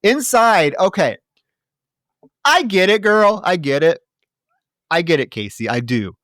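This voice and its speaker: A male podcast co-host walking through a film's plot with animated, profane commentary. His pitch moves widely and expressively. The sound is dry and close, with no room echo. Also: a little slow. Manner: animated plot recap with swearing. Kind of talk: casual movie-review chat.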